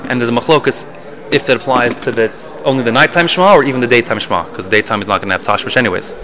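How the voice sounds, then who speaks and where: A man with a bright, forceful voice teaches a Mishnah class. He reads each passage and then explains it in English, breaking off mid-phrase to restart and correct himself. His pitch sits in the ordinary middle for a man. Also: racing. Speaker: Torah teacher.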